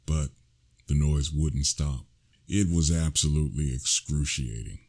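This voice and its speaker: A man with an extremely deep, low voice reads his own horror story in the first person. He tells it slowly and in a hushed way, and breaks into sudden shouted lines. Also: gravelly, husky.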